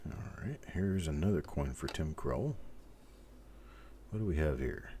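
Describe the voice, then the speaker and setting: A middle-aged man hosting a live stream, calmly and methodically talking through each coin and greeting viewers by name. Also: very deep voice, measured pace, slight background noise. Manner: calm, methodical, talks while inspecting coins, greets viewers by name. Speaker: host.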